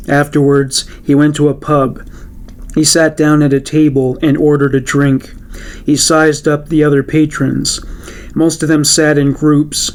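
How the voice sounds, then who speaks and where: A man narrating a true-crime story in a measured, even storytelling manner. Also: on the high side.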